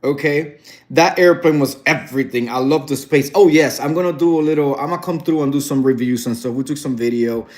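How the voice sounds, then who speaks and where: A man's voice: mid-range voice, brisk, a little mellow. A man chatting casually to his viewers in a sassy, gossiping storytelling manner. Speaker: vlogger addressing viewers. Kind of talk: casual chat.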